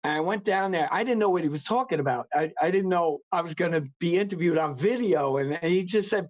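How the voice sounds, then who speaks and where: Casting: New York man as a chatty podcast guest, a little high-pitched, rambling, muffled remote line. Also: fast, few pauses. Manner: rambling, many fillers and restarts. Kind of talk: casual interview chat.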